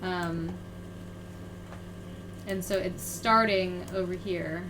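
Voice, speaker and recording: A woman's voice: fairly low pitch, steady tone, drawn-out words, noisy background. A woman running a tabletop game as game master, talking casually with many fillers. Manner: hesitant, filler-heavy.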